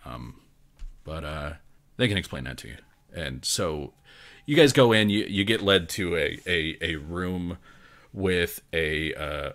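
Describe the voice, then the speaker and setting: A man runs a tabletop game, narrating casually with frequent fillers. His voice is low, with a bright, forward tone. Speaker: game master.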